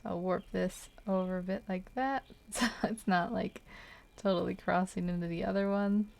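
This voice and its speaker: A woman's voice: mid-range voice, fairly even intonation, normal speed, gravelly, darkish tone. A woman chatting casually while she draws, thinking aloud and hesitant, with frequent little laughs. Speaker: artist streaming a drawing session. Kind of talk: casual chat while drawing.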